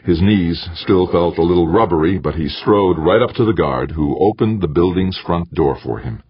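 Deep husky guy reading a novel out loud, dramatic, dry and kinda muffled. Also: normal speed, dry recording. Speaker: audiobook narrator. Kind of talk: scripted narration.

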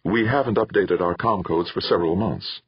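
A man voicing a confident woman spaceship officer who talks smoothly and self-assuredly. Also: low-pitched, normal speed, dry recording, dull audio.

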